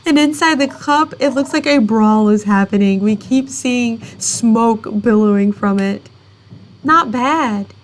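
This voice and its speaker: A woman's voice: a little high, slow, a little hiss or hum. A woman narrating a cozy game in casual let's-play style, with playful asides and mouth sound effects. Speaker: gameplay podcaster.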